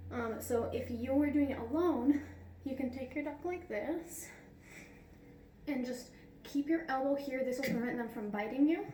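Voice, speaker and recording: A woman's voice: fairly high pitch, darkish tone, slight background noise. A woman dog groomer giving a casual how-to tutorial at home, chatty, laughing often and cooing to her dog. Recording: roomy sound from a distant mic.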